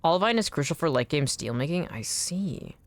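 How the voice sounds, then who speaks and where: Chatty low-voiced woman streaming a game. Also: expressive, a little fast, no room sound. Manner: chatty, rambling, swears casually. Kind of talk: casual gaming stream chat. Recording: faint background music.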